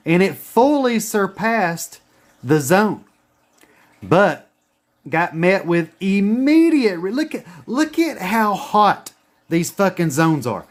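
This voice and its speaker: A man with a high-pitched voice walks viewers through a price chart in a casual screen-share lesson. He talks emphatically, curses freely and drills his points through repetition. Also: big pitch swings, slow. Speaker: trading educator.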